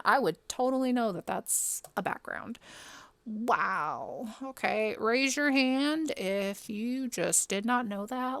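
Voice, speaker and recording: A woman's voice: on the high side, animated, a bit bright, no room sound. Chatty woman muttering through a game. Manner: chatty, muttering to herself, quick to exclaim. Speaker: game streamer. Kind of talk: casual commentary while playing.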